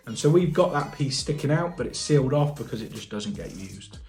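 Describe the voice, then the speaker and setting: A man's voice: mid-range voice, animated, fairly quick, a little mellow, faint music behind. Chatty British man thinking aloud. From United Kingdom. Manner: chatty, thinks aloud, asks viewers questions. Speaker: plumber and channel host. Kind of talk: casual reaction vlog.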